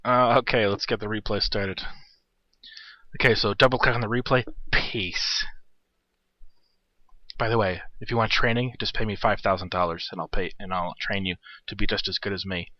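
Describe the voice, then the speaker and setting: A man in his thirties rambling through a game replay commentary, swearing and joking. His voice sits a little low. It comes through a dry, dull lo-fi recording. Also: fairly even intonation, a little fast, dry recording. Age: 30s. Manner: irreverent, profane, joking.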